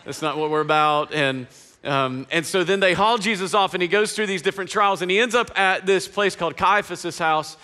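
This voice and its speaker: A man's voice: high voice, moderate pace, sharp tone. A male pastor preaching a sermon in a casual, slangy, conversational way with frequent asides to the congregation.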